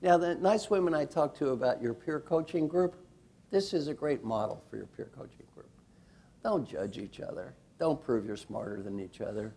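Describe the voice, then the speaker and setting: A man's voice: fairly high pitch, normal speed, breathy edge. A man leading a workshop as a coach, talking playfully and rallying a live audience. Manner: animated, playful, rallying the crowd.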